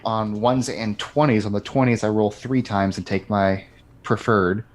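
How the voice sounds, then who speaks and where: A man's voice: on the low side, fairly even intonation, measured pace, a little hiss or hum. A man playing in a tabletop game, chatting casually and explaining rules and dice rolls. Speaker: player. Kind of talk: casual tabletop play chat.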